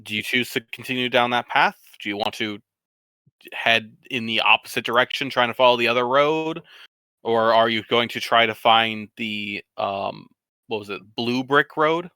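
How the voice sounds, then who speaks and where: A man's voice: medium pitch, moderate pace, bright, forceful tone, clear, resonant tone, dry recording. A man narrating a tabletop game as game master, giving a rambling recap with fillers and self-corrections.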